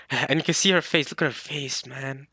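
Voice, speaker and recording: A young man hosting a manga reaction video, excitable and slangy, laughing often. He talks into a close mic. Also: mid-range voice, breathy edge, dry recording. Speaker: reaction channel host.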